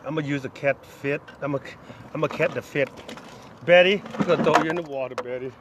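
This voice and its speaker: A man's voice: fairly high pitch, fast, noisy background. A man, a father filming a fishing trip, joking and trash-talking with his child in casual banter. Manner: teasing, trash-talking, laughs a lot. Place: outdoors by a creek.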